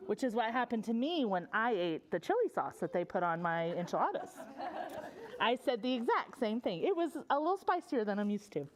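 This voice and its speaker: A woman librarian reading a picture book aloud at a preschool story time, animated and sing-song, stopping to ask the children questions. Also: mid-range voice, moderate pace. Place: public library story room.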